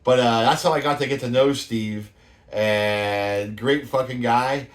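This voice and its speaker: A man's voice: medium pitch, unhurried. A man in his fifties from the San Francisco Bay Area, hosting a show and telling loose, profane stories with plenty of laughs. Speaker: show host. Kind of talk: casual storytelling monologue.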